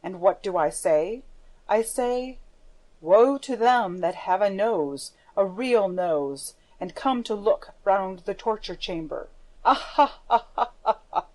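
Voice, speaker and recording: A woman's voice: mid-range voice, lively intonation, takes it slowly, warm tone, low-quality recording. A woman reading the part of a menacing masked male phantom, with a theatrical, darkly playful manner. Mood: mocking.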